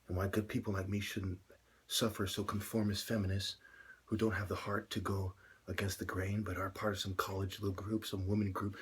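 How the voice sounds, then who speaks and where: A man ranting alone to camera, full of "you know"s, swinging from a low mutter to loud shouts. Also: slightly rough. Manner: filler-heavy, many "you know"s. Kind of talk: solo rant to camera.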